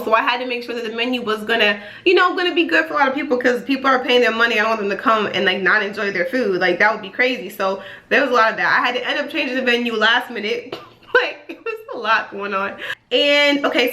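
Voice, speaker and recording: A young woman in her twenties telling a story to the camera in a casual vlog, chatty and animated. Her voice sits high and sounds bright and lively, and it comes across clearly. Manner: animated and chatty, lots of "like" fillers. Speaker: vlogger.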